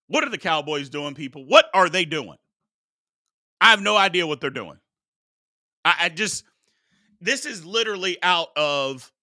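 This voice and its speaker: A man's voice: on the high side, bright, forceful tone, no room sound, clean studio sound. A man hosting a sports talk show, arguing heatedly with his chat and preaching about respect. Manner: combative, preachy, exclaims "Lord have mercy".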